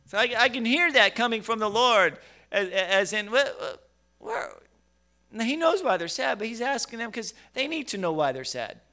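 Male preacher with a bright, forceful tone, animated delivery that swings from hushed to loud. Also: high voice, fairly quick. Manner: emphatic, with rhetorical questions and repeated words. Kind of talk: sermon.

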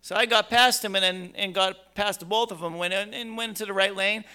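A man's voice: high voice, steady tone, a little fast, sharp tone, clear, resonant tone. A middle-aged male pastor preaching a conversational sermon, with stammering restarts and emphatic bursts.

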